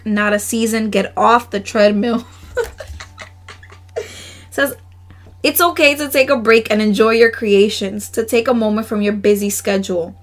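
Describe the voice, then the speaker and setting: A woman's voice: fairly high pitch, a bit bright. A woman hosting a casual solo podcast, reading oracle cards aloud in an earnest, emotional way with frequent laughs and slangy asides. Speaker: podcast host.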